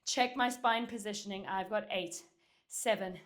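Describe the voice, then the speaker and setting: A woman of medium pitch and normal pace instructs a Pilates and dumbbell workout at home. Breathing hard as she exercises, she gives cues and counts reps, with a camera recording from afar.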